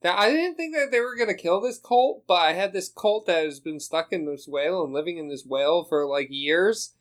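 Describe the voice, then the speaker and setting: A man's voice: high voice, lively intonation, a little fast. A man chatting casually in a group, rambling and laughing as he talks about running tabletop games. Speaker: podcast co-host, dungeon master.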